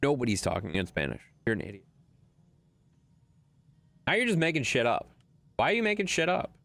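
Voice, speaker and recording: Lively, blunt-talking male game streamer. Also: medium pitch, fairly quick, vocal fry, no room sound. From Wisconsin. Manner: blunt, swears, bickers with chat. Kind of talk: live game stream, chatting with viewers.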